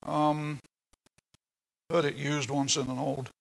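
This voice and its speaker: Gravelly older preacher. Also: male voice, fairly high pitch, flat delivery, slow pace, low-quality recording. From England. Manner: earnest, emphatic, plain-spoken teaching with asides. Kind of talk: sermon.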